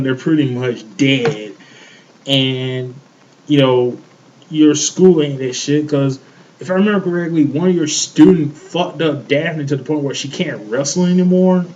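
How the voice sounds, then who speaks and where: A man's voice: a little high, darkish tone, lo-fi sound, a little hiss or hum. A man co-hosting a show, ranting in heated casual chat, swearing often and repeating himself. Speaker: podcast co-host.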